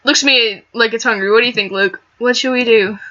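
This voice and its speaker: A young woman reading a visual novel aloud and reacting to it, animated and quick to laugh. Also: fairly high pitch, muffled recording. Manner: animated, laughs and swears at the game. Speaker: let's play gamer.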